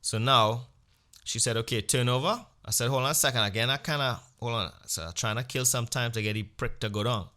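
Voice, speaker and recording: Man, podcast host, crude comic storyteller, bright voice, animated. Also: a little fast. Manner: animated storyteller, acts out exchanges with sudden jumps in pitch and volume; blunt and crude.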